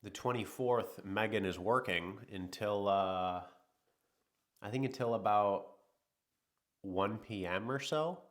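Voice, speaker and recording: A man's voice: fairly low pitch, slow, long pauses, a bit bright. A man hosting a livestream, chatting casually and rambling while a little sick. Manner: rambling, easygoing, talks to chat. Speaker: livestream host.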